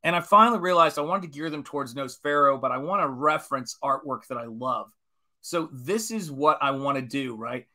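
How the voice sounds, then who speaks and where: Forties guy painting comics live, hypes stuff up and says hi to chat, bright punchy voice. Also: medium pitch, a little fast. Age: 40s. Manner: enthusiastic, greets chat viewers, rambling asides. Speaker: comic artist streaming live. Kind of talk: casual live-stream chat while painting.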